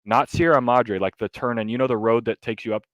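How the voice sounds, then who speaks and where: A man co-hosting a podcast, telling a story in casual, animated chat with lots of fillers and some swearing. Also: medium pitch, fast, no echo, lo-fi sound. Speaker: podcast co-host.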